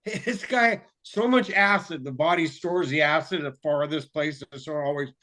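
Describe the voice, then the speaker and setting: A man talking casually as an interview guest, excitable and profane, jumping into quick chemistry explanations. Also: fairly high pitch. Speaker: guest, water filter developer.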